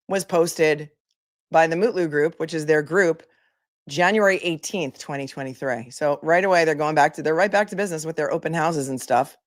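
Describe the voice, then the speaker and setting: A woman attorney giving casual commentary, chatty and incredulous, reading posts aloud. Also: low voice. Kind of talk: casual commentary on a legal case.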